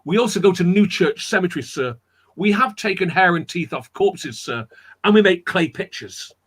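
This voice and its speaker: A man's voice: high-pitched, animated, moderate pace, a bit bright, breathy edge, full character voice. A man voicing a fourteen-year-old girl who confesses deferentially, repeating "sir". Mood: pleading.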